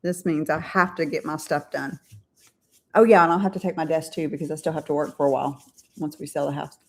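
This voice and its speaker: A woman's voice: low voice, fairly even intonation, brisk. An older woman co-hosting a casual livestream, chatty and teasing as she reads out viewer comments. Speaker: co-host of a livestream. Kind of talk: casual chat.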